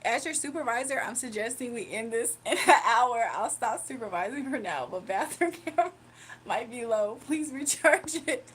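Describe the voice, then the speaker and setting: A woman's voice: on the high side, expressive, normal speed, a bit bright. A woman hosting a casual livestream, reading chat comments aloud and laughing often. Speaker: livestream host.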